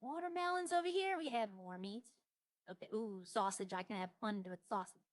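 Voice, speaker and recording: A woman's voice: a little high, moderate pace, dry recording. A young woman streaming a roleplay game, chatting casually to herself as she browses and lists things she sees. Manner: muses aloud, listing items as she browses.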